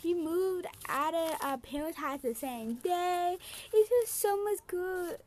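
A woman voicing a cheerful young woman sim in a life-sim game, gushing with excitement on a phone call to her mom. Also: high voice, normal speed, slight background noise.

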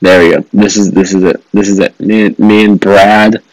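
A man's voice: low voice, level tone, normal speed, no echo, poor audio. A man hosting a gaming video, commenting with sarcastic jokes and frequent laughter while he plays a mobile game. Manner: joking, sarcastic, swears, laughs often.

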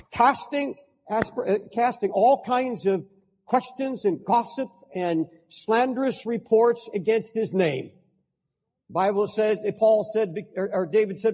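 A man's voice: high-pitched, warm tone, husky. A man pastor preaching a sermon with earnest conviction, growing impassioned as he voices a psalm's complaint. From United States. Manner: earnest preaching, rising to impassioned when voicing scripture. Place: large church sanctuary. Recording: long reverb of a large hall.

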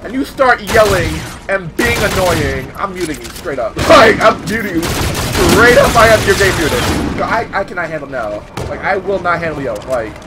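A young man with a high, bouncy voice chats excitedly over a shooter game, swearing freely and yelping whenever he takes a hit. Clear game noise with gunfire runs under his voice. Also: a little fast, few pauses. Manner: excitable, swears a lot, yelps at hits. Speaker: gaming YouTuber. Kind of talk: casual gameplay commentary.

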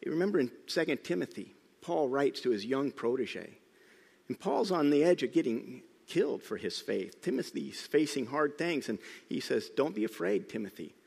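A middle-aged man preaching a sermon, telling the story with lively emphasis, sometimes loud and sometimes hushed. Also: fairly high pitch, creaky, slightly rough. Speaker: pastor. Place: church sanctuary. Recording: church hall reverb.

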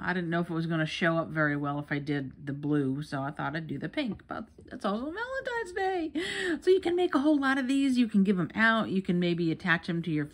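A middle-aged woman from New York gives a casual crochet tutorial in a rambling, chatty way, with many fillers and restarts. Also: fairly low pitch. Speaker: crochet teacher.

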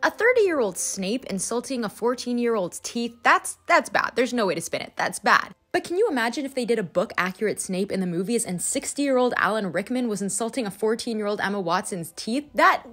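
A young woman hosting a scripted video essay, animated and playful, with quick asides to the viewer. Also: fairly high pitch.

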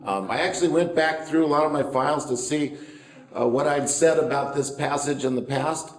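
Conversational pastor preaching in an echoey room. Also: male voice, a little high, normal speed. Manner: conversational, with fillers and asides. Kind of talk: sermon. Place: church.

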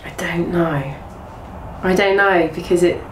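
Chatty young woman, echoey far-off recording. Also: fairly low pitch. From England. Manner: chatty, quick retelling with many restarts and reported speech. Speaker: former athlete, interviewee. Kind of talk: casual storytelling interview. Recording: echoey room, voice from far off, faint room noise.

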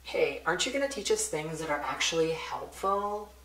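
A man's voice: fairly high pitch, very animated, moderate pace, pushed and bright, voice pushed up, heavily acted. A man voicing a sassy, fame-obsessed teenage heroine with a snarky, self-satisfied manner. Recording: roomy echo.

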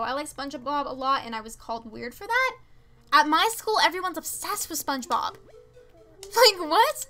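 Teen girl streamer, high and bright voice, chatty and excitable while chatting with her viewers. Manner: chatty, excitable, reads chat aloud. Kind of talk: casual game stream chat.

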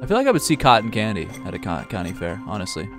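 A man's voice: on the low side, wildly swooping pitch, very fast. Guy streaming a game show game, cussing and ranting, fed up, faint music behind. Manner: profane, ranting, exasperated. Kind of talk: live gameplay commentary.

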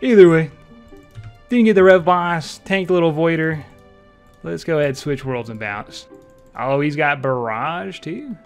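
A young man giving live gameplay commentary, excitable and trash-talking, swinging between low mutters and loud shouts. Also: unhurried, pauses often, soft background music. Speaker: streamer playing an online game.

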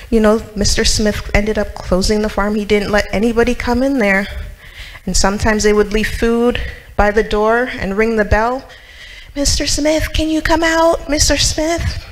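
A woman's voice: mid-range voice, rough recording. A woman telling a story to children in church, asking them questions and acting out the characters.

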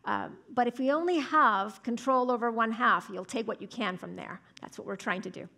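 A woman's voice: fairly high pitch, moderate pace, gravelly, pushed and bright. A woman speech scientist giving a lecture and answering audience questions in a thoughtful, explanatory way. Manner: thoughtful, explanatory, frequent "right?" and "um". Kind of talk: academic talk with audience Q&A. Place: lecture hall.

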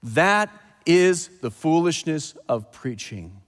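A man preaching a sermon as pastor, with animated delivery, scripture readings and asides. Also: on the high side, takes it slowly. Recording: long hall reverb.

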